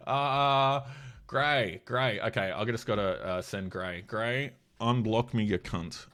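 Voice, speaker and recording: Aussie guy with a cold ranting, blunt and sweary, mocking, lowish voice. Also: slow, bright, forceful tone. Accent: Australian. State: has a cold. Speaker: commentator. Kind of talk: casual political commentary.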